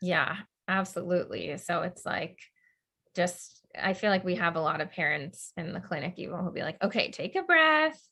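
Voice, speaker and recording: Bright, gravelly-voiced woman host. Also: fairly low pitch, moderate pace. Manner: chatty and affirming, many fillers. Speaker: podcast host. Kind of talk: conversational podcast interview.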